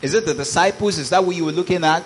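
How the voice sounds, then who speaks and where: A man with a fairly high voice preaches a sermon as pastor at a very fast clip, reading scripture aloud and calling out praises. His exclamations keep rising. The recording is rough, with slight background noise.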